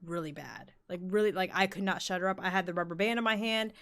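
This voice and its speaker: A woman's voice: on the low side, fast, fairly bright tone, clean tone. A young woman co-hosting a podcast in casual chat, talking candidly, swearing freely and leaning on "like" a lot. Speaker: podcast co-host.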